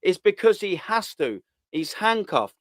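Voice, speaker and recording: A man's voice: high-pitched, big pitch swings, measured pace, no echo, clean studio sound. A man with a London accent hosting a casual live football chat, swearing freely and laughing a lot. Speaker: host.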